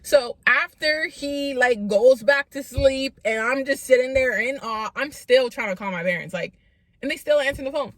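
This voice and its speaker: A woman with a fairly high voice tells a story to her viewers in a casual vlog. She is animated, sprinkles in "like" constantly and acts out the dialogue. The sound is dry and close to the mic. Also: normal speed, dry recording. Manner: animated, lots of "like", acts out quotes. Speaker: vlogger telling a story.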